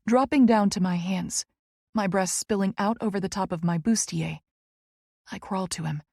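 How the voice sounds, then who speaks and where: A woman narrating a first-person romance audiobook in a slow, hushed, intimate way. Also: mid-range voice, gravelly, no echo, clean studio sound.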